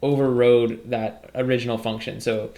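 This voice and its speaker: A man's voice: medium pitch, flat delivery, moderate pace, warm tone. Casual man teaching code. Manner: casual, upbeat explaining with fillers while coding. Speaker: programming tutor. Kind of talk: screen-recorded coding tutorial.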